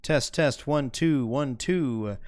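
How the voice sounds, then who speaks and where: A man streaming a game live, chatting casually and testing his microphone levels out loud. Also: medium pitch, slow pace. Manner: chatty, fiddles with his mic levels aloud. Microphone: desk microphone.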